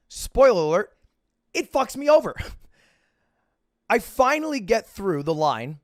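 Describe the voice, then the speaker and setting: Streamer guy, kinda high voice, rambly sweary storytime, dry sound. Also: very animated, a little slow, pauses often, a bit bright, no echo. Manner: rambling, self-mocking, profane, with many restarts. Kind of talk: casual storytelling to stream chat.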